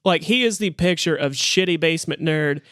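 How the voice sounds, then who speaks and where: A man co-hosting a podcast who makes crude jokes in a dry, deadpan way. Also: on the high side, moderate pace, dry recording. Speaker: podcast co-host. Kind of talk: casual chat.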